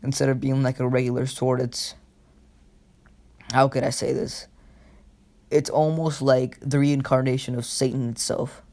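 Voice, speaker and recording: A man's voice: medium pitch, flat delivery, unhurried, long pauses, darkish tone. A young man casually retelling a fan story, rambling with lots of fillers and swearing.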